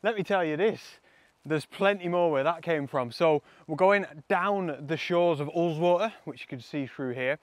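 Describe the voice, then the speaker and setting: Speaking at a normal pace in a fairly high voice, this young landscape photography vlogger chats enthusiastically to camera beside a lake and laughs a lot. The recording is dry.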